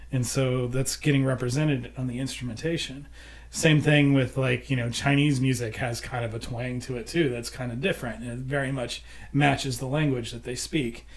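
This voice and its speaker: An American man talking casually about songwriting, explaining ideas and humming musical examples. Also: medium pitch. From United States. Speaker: songwriter and producer. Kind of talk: casual conversation.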